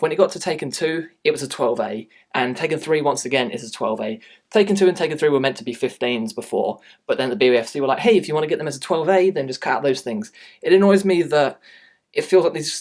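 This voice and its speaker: A man giving a casual, blunt movie review and ranting with exasperation. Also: medium pitch. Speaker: film reviewer.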